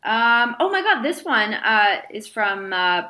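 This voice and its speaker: A woman co-hosting a podcast, chatting casually and telling stories excitably. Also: a little high, slow. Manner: excitable, animated storytelling. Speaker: podcast co-host. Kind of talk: casual chat.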